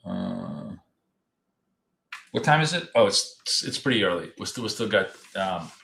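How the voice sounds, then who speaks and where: A man's voice: deep voice, very animated, measured pace, gravelly, fairly bright tone, roomy sound. A man co-hosting a live trading stream in a casual, joking way, blunt and swearing freely. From Russia. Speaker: trading show co-host.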